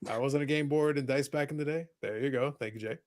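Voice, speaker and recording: A man's voice: mid-range voice, quick pace. A man co-hosting a podcast in casual chat, teasing his co-hosts with sarcastic banter. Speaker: podcast co-host.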